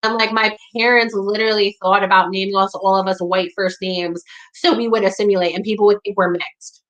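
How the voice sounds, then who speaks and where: A young woman from the New York area speaking candidly in conversation, blunt and profane, with a steady stream of "like" and "you know". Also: medium pitch, a little fast, low-quality recording. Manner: blunt, profane, heavy use of "like".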